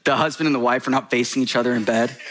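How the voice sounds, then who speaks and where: Bright-voiced preacher man, joking and animated. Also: medium pitch, very fast. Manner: joking, animated, laughs between points. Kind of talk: sermon.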